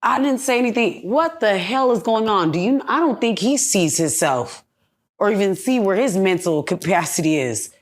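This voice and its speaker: A woman's voice: medium pitch, animated, normal speed. Blunt, profane young woman venting. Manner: blunt, profane, heated ranting. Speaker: podcast guest. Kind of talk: candid podcast interview.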